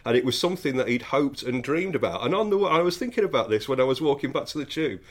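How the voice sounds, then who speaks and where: A man co-hosts a podcast in relaxed chat. He tells stories with dry asides and understated irony. His voice sits in a middle register. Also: mid-range voice, fast. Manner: wry anecdotal storytelling. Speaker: podcast co-host.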